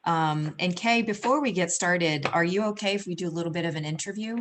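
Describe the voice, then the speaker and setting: A woman's voice: on the low side, brisk, a bit bright, slight background noise. A woman hosting a casual live-stream interview, talking in a rambling way with many fillers and at times getting emotional. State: emotional, near tears at times. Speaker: host, energy healer.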